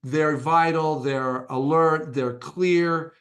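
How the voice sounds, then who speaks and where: A man who is a psychotherapist gives an educational talk in a measured, explanatory way, often pausing with "uh". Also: on the high side, fairly even intonation. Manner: measured and explanatory, with frequent "uh" fillers. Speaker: psychotherapist presenting on a webinar.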